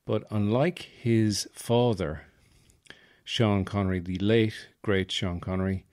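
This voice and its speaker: A man's voice: lowish voice, steady tone, slow, a little mellow, no room sound, studio quality. A man hosting a podcast in rambling, jokey casual chat. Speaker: podcast host.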